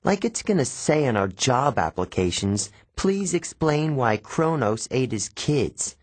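A scornful teenage schoolgirl voiced by a man mumbles in a whiny, mocking tone. Her storybook voice sits higher than the reader's own and keeps a breathy, husky grain. It is recorded dry and close. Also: big pitch swings, measured pace, dry recording.

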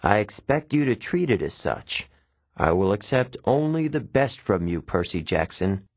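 A man voicing a demanding male Latin teacher in a storybook reading, speaking in a formal, measured, precise way. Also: on the low side, sing-song, dry recording. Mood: stern.

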